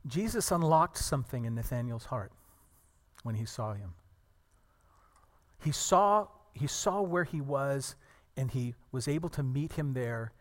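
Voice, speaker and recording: A man preaching a sermon to a congregation, earnest and animated, telling stories and acting out the people in them. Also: mid-range voice, measured pace, pauses often, big-room sound. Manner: earnest, animated storytelling with acted quotes.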